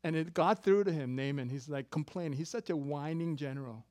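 A man in his fifties preaching a sermon as pastor, animated and jokey, swinging from loud emphasis to quiet asides. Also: fairly high pitch, quick pace, hardly any pauses, slight background noise. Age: 50s.

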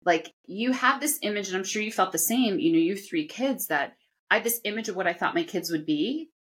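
A woman's voice: mid-range voice, lively intonation, fairly quick. Chatty woman host. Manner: chatty, full of fillers like "you know". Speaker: host and parent. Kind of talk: casual interview chat.

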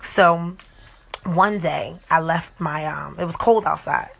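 A young woman telling a personal story at home, animated and profane, acting out what everyone said. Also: low-pitched, takes it slowly, creaky, breathy edge. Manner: animated, profane, acts out the other people's lines. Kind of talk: casual storytime to camera. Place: at home with her young children nearby.

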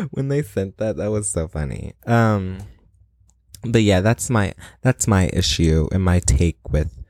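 A young man with a very low voice hosts his own podcast, chatting loosely and wandering off topic. He is playfully boastful and theatrical, and the recording is close and dry with no room sound. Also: darkish tone, no room sound. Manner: rambling and playfully self-aggrandizing, with laughs and dramatic asides. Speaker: podcast host. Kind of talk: casual solo podcast rant.

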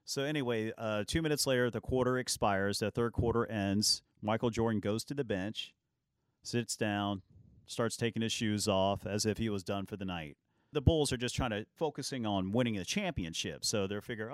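A man with a low voice hosts a casual sports talk show. He tells lively anecdotes and acts out the lines of the people in them. His recording is dry and close. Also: normal speed, no room sound.

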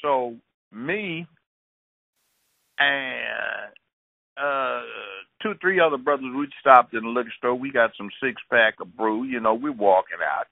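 An older man, a guest on a talk show, telling stories in an animated way and acting out the voices of street characters. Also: medium pitch, creaky, no room sound. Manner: animated, acts out street dialogue. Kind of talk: storytelling in conversation. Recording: tinny dry phone line.

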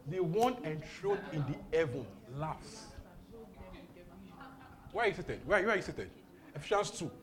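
Exuberant male preacher, high and animated delivery, laughs through his lines, faint room noise. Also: unhurried, pauses often, a crowd in the background. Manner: exuberant, laughing often, repeating phrases. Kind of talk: charismatic sermon.

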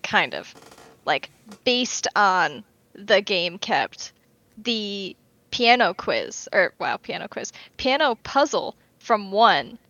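A woman co-host chatting casually on a podcast, animated and talkative, with the odd swear slipping in. Her voice sits at an ordinary middle pitch. The recording is dry and a little dull, with no room echo. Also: takes it slowly.

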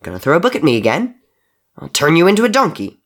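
A man voicing a furious wounded man who shouts, hisses and snarls threats, with a gravelly edge. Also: fairly high pitch, wildly swooping pitch, fast, pitched above the performer's own voice, full character voice. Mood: menacing.

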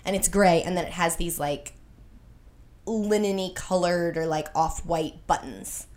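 A woman's voice: on the low side, a little slow, a little mellow. A young woman chatting casually with a friend, telling stories and laughing often. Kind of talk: casual chat.

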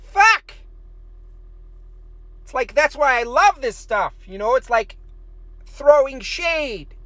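Man, high voice, dry close sound, rambling deadpan artist streaming while he draws. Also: takes it slowly, no room sound. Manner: rambling, deadpan jokes, trailing fillers. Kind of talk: casual rambling stream chat.

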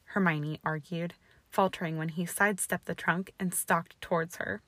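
A woman narrating a fan fiction story aloud in a steady, expressive way. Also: lowish voice, normal speed, dry recording.

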